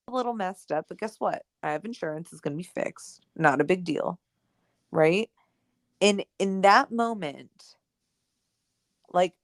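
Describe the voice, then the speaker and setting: Her voice is on the low side and gravelly, captured as clean studio sound with no echo. This young adult podcast co-host casually tells a personal story with lots of animation, "like" and "right?", and acts out the dialogue she's quoting.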